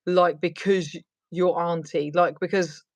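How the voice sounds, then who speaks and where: A woman's voice: fairly low pitch, fairly even intonation, unhurried, no room sound. Chatty woman hosting a talk. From United Kingdom. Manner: chatty, rambling questions with many fillers. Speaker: host. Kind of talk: casual conversational interview.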